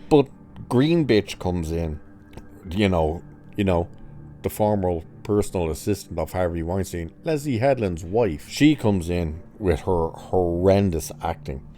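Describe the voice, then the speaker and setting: A man's voice: low voice, lively intonation, measured pace, warm tone. A man reviewing a TV episode in a sarcastic, mocking rant, swearing casually as he picks apart the plot. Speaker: TV review vlogger.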